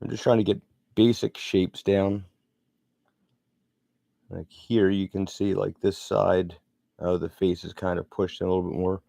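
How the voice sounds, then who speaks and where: A man's voice: low voice, flat delivery, a little slow, creaky, pauses often, mellow, no room sound. A middle-aged man chatting casually and rambling as he narrates his sculpting work. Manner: rambling, chatty, self-deprecating. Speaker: sculptor vlogger.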